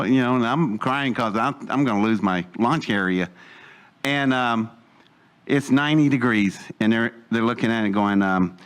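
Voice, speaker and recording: A man in the middle of his own pitch range tells a rambling anecdote to a live audience. He slips into other people's voices for their lines and laughs at his own story as he goes. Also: moderate pace, clear, resonant tone. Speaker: storyteller guest.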